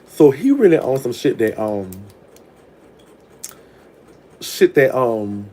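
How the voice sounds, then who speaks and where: Profane, chatty storytelling man, mellow tone. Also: medium pitch, sing-song, unhurried. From New Orleans. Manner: frank, profane, chatty, with laughs. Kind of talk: casual storytime monologue.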